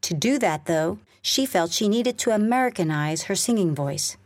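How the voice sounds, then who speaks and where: A woman's voice: medium pitch, animated, normal speed, no room sound. Woman reading a lesson script. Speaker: narrator of a listening lesson. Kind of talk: scripted narration.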